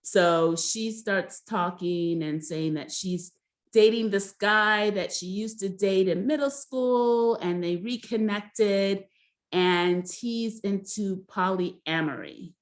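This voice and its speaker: A woman's voice: medium pitch, slow pace. A young woman casually recapping a reality show episode, chatty and hesitant, with frequent ums and restarts. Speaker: recap host.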